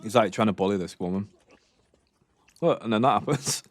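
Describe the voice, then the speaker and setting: A man's voice: lowish voice, fairly quick. A young man, chatting casually on a livestream while reacting to videos, rambling and swearing in slang.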